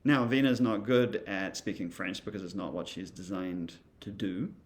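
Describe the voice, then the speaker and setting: A man's voice: on the low side, steady tone, moderate pace. A man giving a casual recorded lesson, thinking aloud with many ums and uhs. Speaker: instructor. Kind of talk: recorded lecture demonstrating software.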